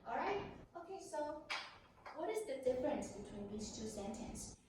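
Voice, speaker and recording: Woman teacher, Taiwanese accent, slightly high voice, echoey classroom recorded from far off, noisy. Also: very animated. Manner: slow, repeats key words, asks and answers own questions. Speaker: English teacher. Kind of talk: classroom grammar lesson.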